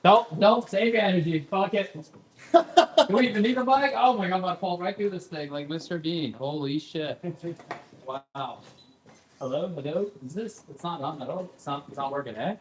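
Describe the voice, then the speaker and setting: A man's voice: high-pitched, normal speed, slight background noise. A young man doing a brash, profane stand-up set and working the crowd. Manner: brash, crowd work, swearing. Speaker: stand-up comedian. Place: basement comedy club. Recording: echoey club room.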